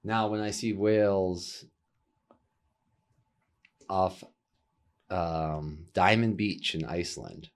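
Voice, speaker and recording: A man's voice: low voice, slow, long pauses. A man hosting a podcast, asking curious follow-up questions in a casual chat. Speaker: podcast host.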